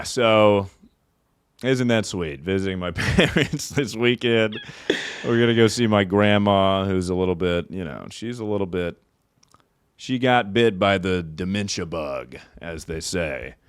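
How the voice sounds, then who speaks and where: A young man hosting a comedy podcast, riffing casually and laughing often between loud bits and mumbled asides. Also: low voice, unhurried, smooth, no echo, studio quality. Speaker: podcast host.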